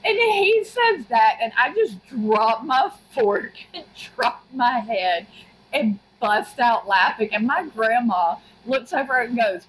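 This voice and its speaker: A woman's voice: fairly high pitch, expressive, takes it slowly, fairly bright tone, husky, poor audio. A young adult woman co-hosting a podcast, telling a detailed story in casual chat and laughing often. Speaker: podcast co-host.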